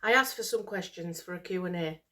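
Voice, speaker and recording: A woman's voice: on the low side, fairly quick, pushed and bright. A middle-aged British woman vlogging to camera, overwhelmed and emotional after crying all morning, sighing and repeating herself. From United Kingdom. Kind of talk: casual chat to camera.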